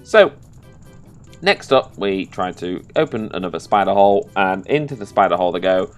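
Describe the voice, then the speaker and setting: Sweary, excitable gaming commentator man. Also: sits low, moderate pace, soft background music. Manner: sweary, excitable, bursts into loud outbursts. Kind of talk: post-play game commentary.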